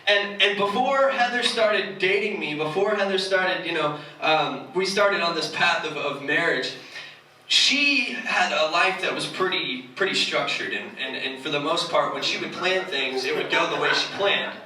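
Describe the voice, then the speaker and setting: Bright man preaching in an echoey hall. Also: fairly high pitch, lively intonation, moderate pace, far from the mic. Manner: joking, conversational, self-mocking. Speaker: church speaker. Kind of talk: casual sermon. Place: church hall.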